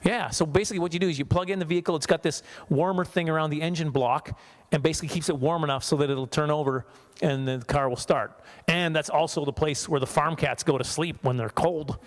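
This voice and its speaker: Guy from saskatchewan doing a standup set at a church, high voice, laughs at his own jokes. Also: fairly even intonation, fast. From Saskatchewan, Canada. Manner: chatty, self-mocking, laughs at own jokes. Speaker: stand-up comedian. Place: church hall.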